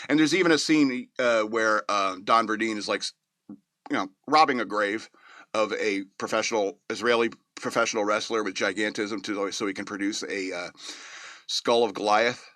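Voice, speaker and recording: A man's voice: on the low side, moderate pace, bright, forceful tone, no echo, studio quality. A man hosting a show, giving a casual, rambling movie review with many fillers and chuckles. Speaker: podcast host reviewing a movie.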